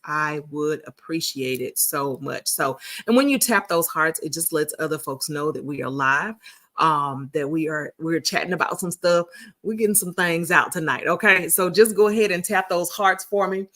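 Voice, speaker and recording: A woman's voice: low voice, a bit bright. A woman, hosting a casual livestream and chatting folksily with her viewers. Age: 40s. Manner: chatty, folksy, addresses viewers as sugars and honey. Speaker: livestream host.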